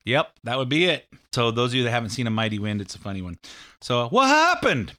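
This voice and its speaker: Bright-voiced male talk host. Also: mid-range voice, very fast. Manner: rambling, sarcastic, mimics catchphrases. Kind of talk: casual political commentary.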